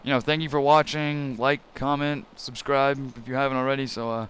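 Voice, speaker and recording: Rambling young man with a clear voice. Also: medium pitch, little pitch movement, a little fast, fairly bright tone. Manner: rambling, filler-heavy, keeps saying "you know". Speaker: gaming channel host. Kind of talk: casual storytelling over gameplay.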